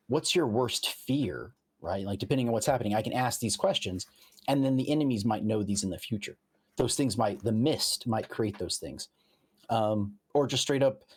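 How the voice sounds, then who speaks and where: In a casual chat, a male game master walks through tabletop game rules step by step, using examples and often restarting his sentences. His voice is mid-range with a breathy edge.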